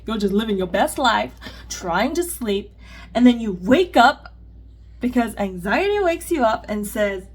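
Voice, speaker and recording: A woman's voice: fairly high pitch, lively intonation, a little slow, husky. A woman chatting candidly in a get-ready-with-me vlog, rambling with plenty of fillers while doing her makeup at home. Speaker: vlogger. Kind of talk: casual get-ready-with-me chat.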